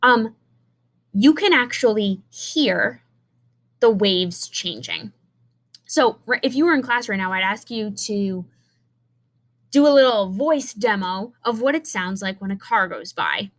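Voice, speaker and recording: A woman's voice: medium pitch, lively intonation, unhurried, pauses often, fairly bright tone. A young adult woman teacher giving a recorded science lesson, talking in a chatty way and explaining with restarts and fillers.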